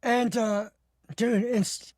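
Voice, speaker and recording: A man with an unusual, high-sounding, slightly muffled speaking voice, telling stories in an animated way as a podcast guest. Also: very slow, no room sound, clean studio sound. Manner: animated, acting out dialogue. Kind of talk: casual storytelling. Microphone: podcast studio mic.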